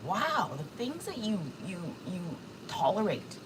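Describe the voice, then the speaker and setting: Amid a very noisy background, a tearful woman in her forties livestreams casually from her home kitchen, speaking candidly, emotionally and with plenty of swearing. Her medium-pitched voice is very animated and unhurried.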